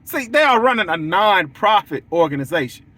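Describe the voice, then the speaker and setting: A young man who owns a lawn care business, speaking casually but bluntly to his audience. He hammers his points home by repeating them. His voice is high and bright, with a sharp edge. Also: big pitch swings, normal speed. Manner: preachy, repetitive, blunt, acts out quoted lines.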